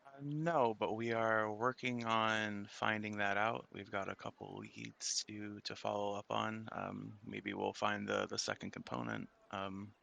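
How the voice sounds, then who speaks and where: A man's voice: lowish voice, a little slow, gravelly, few pauses, bright, forceful tone, lo-fi sound. A man playing in a tabletop game, speaking hesitantly with many fillers. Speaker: player. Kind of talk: casual in-character play.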